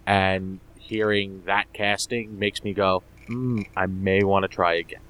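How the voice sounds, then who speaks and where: A man's voice: low voice, little pitch movement, measured pace, a bit bright, clean tone. A man co-hosting a podcast in casual chat, teasing the others and laughing a lot. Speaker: podcast co-host.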